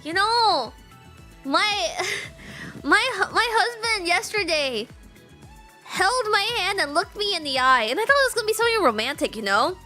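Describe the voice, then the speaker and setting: Giggly high-voiced woman streamer. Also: moderate pace, faint music behind. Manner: giggly, animated storytelling. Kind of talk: casual gaming stream chat.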